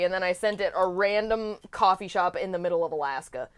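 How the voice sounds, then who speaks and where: A woman's voice: fairly low pitch, a little fast, few pauses, clear, resonant tone. A woman co-hosting a casual live-stream chat, blunt and swearing as she tells stories. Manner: blunt, swears, animated storytelling. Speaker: podcast co-host.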